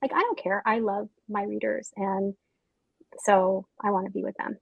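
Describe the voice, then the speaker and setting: A young woman author chats on a panel, effusive and gushing, tossing in quick quoted asides. Her voice is husky with a slight breathiness. The sound is dry and close. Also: medium pitch, flat delivery, no room sound, muffled recording. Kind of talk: casual panel chat.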